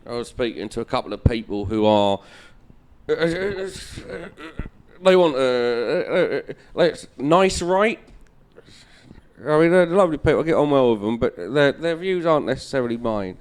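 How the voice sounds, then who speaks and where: A comedian hosting a political chat show, blunt and profane, ranting about politics. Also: male voice, mid-range voice, expressive, moderate pace, smooth. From England. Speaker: comedian and podcast host.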